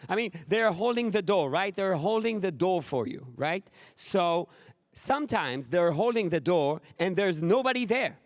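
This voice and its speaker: A middle-aged man from Israel with an Israeli accent, a Hebrew speaker doing an animated stand-up speech at a conference, acting out scenes with exasperated outbursts. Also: high-pitched, measured pace, dry recording, clean studio sound.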